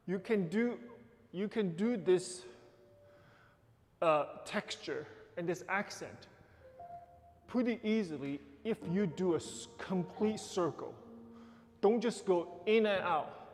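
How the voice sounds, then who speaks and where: A man's voice: high voice, takes it slowly, long pauses, long reverb tail. A man teaching a ballet class, counting beats and giving short corrections and praise. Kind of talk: live class instruction. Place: dance studio.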